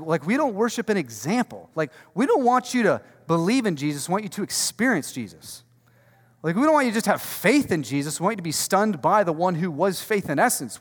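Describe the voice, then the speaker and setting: A male pastor preaching a sermon with emphatic rhetorical questions and casual slang. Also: fairly high pitch. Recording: long reverb from a large hall.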